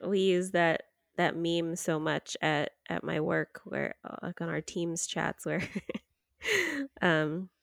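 Lively woman with a gravelly fry. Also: lowish voice, slow pace, no room sound, studio quality. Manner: animated, giggly storytelling. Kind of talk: casual chat.

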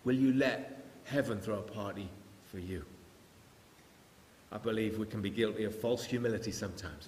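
A man preaching a sermon in an earnest, storytelling way, with quiet prayerful moments. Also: lowish voice, moderate pace. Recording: echoey hall with faint hiss.

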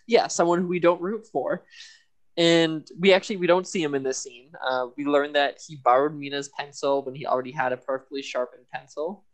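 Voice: medium pitch, steady tone, brisk. A podcast co-host recapping a TV episode in casual chat, laughing often. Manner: laughs often, loose and chatty.

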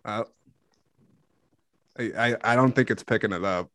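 A man's voice: on the low side, moderate pace, fairly bright tone, no room sound, clean studio sound. A man hosting a podcast in casual chat, joking and self-deprecating as he rambles. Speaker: podcast host. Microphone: studio microphone.

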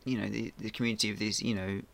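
A man's voice: on the low side, little pitch movement, racing, gravelly, fairly bright tone. A man co-hosting a podcast, rambling casually with many fillers. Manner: rambling, laughs often. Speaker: podcast co-host. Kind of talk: casual chat.

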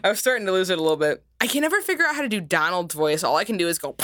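A woman's voice: fairly low pitch, very animated, rapid-fire, a bit bright. A woman co-hosting a podcast in casual chat, giggly and playful, often breaking into character voices. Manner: giggly, playful, jumps into impressions. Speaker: podcast co-host.

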